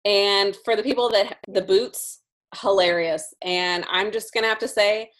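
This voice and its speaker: A woman's voice: mid-range voice, fairly even intonation, a little slow, a bit bright. A woman co-hosting a podcast in casual chat, laughing often and reacting to her partner's stories. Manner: giggly, reactive listener. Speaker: podcast co-host.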